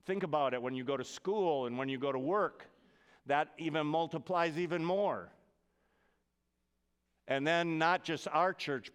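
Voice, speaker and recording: A man's voice: medium pitch, clean tone. Male pastor preaching in a reverberant church. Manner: lively, conversational preaching, dropping to a hushed tone for scripture and prayer. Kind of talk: sermon. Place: church sanctuary.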